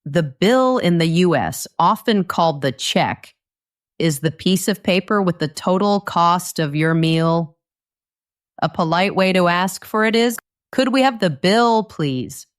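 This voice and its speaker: Lady reading an english lesson really slow, clear and patient. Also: on the low side, animated. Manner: slow, clear and patient, acting out dialogue lines. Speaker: English teacher. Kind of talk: scripted lesson narration.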